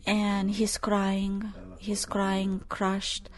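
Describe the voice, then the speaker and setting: A woman preaching, recounting news in a halting, filler-heavy way, rising to forceful preaching. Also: medium pitch, completely flat delivery. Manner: halting, many fillers and restarts; grows loud and forceful when preaching. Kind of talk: sermon reading news and prophecy.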